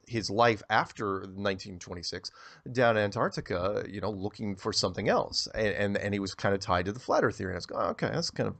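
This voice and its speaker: As a guest in an interview, a man with a lowish voice spins out a long, rambling story. He's animated and frequently repeats words when beginning a sentence.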